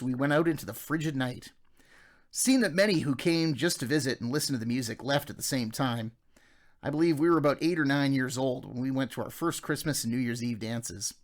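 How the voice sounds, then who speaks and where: Man narrating a nostalgic memoir. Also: medium pitch. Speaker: audiobook narrator.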